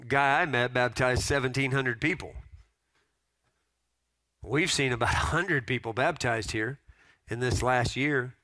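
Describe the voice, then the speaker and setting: A man's voice: mid-range voice, measured pace, long pauses, bright, forceful tone, no echo. A pastor preaching a sermon to his congregation, telling stories and repeating pointed questions.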